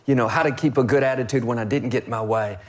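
A man's voice: mid-range voice, steady tone, quick pace. Preacherly male host. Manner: preacherly, encouraging. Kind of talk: faith-based interview talk.

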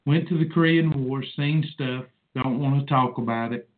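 A man's voice: mid-range voice, normal speed. A man in his forties hosting a rambling personal monologue, emotional and preachy in manner. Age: 40s. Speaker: host. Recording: tinny phone-like sound.

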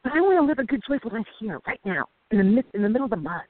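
A woman co-hosting a casual faith podcast, talking excitedly and urging listeners on. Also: fairly high pitch, very fast, dry recording. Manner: excitable, emphatic, exhorting listeners. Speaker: co-host. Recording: tinny phone-like sound.

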